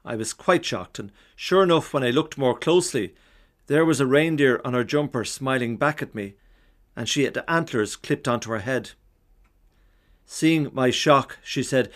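A man's voice: mid-range voice, moderate pace. A man, telling wry everyday stories in a devotional talk. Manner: wry, anecdotal. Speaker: speaker giving a seasonal reflection.

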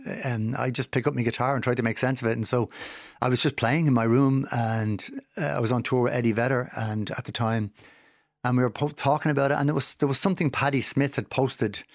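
A man guest on a radio arts show, talking in a halting way and searching for words, recorded in a studio. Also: medium pitch, fairly even intonation, no echo. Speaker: musician guest. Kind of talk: casual radio interview.

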